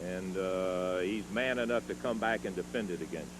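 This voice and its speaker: A man announcer calmly interviewing wrestlers in a TV studio. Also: deep voice, moderate pace, a little hiss or hum, poor audio.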